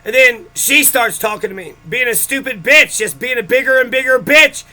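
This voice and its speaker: Bitter ranting man with a bright high voice. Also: brisk, hardly any pauses. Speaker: vlogger. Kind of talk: angry personal rant.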